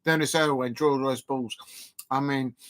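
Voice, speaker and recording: A man hosting a live football fan channel, reacting excitably as he swings between joking asides and despairing outbursts. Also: medium pitch, measured pace, a little hiss or hum. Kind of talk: live watch-along reaction.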